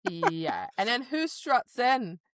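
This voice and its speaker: A woman's voice: a little high, slow pace, no echo, studio quality. A woman co-hosting a book podcast in casual chat, acting out character lines as she goes. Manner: animated, acts out character lines. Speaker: podcast co-host.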